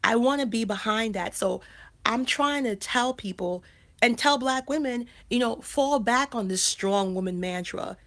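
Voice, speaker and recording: A woman's voice: fairly high pitch, measured pace, fairly bright tone. A woman in her thirties hosting a casual livestream, talking emphatically and repeating phrases with frequent restarts. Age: 30s. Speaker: life coach and channel host.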